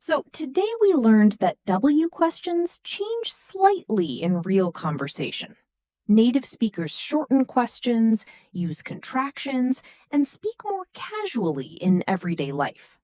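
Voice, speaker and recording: A woman giving a scripted English lesson for beginners, speaking slowly and clearly with model sentences. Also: fairly high pitch, sing-song, dark tone, no room sound. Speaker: English teacher.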